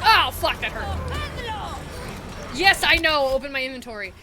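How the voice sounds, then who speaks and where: A young woman with a very high, lively voice gives casual let's-play commentary, swinging from chatter to loud, cursing outbursts. Game music plays behind her. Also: moderate pace. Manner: excitable, loud outbursts, frequent swearing. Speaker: streamer playing a horror game.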